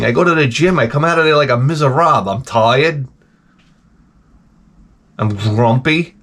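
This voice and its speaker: A man's voice: a little high, lively intonation, normal speed, fairly bright tone. A middle-aged man hosting his own show, grumbling through a profane, exasperated casual rant. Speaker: show host. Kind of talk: casual ranting monologue.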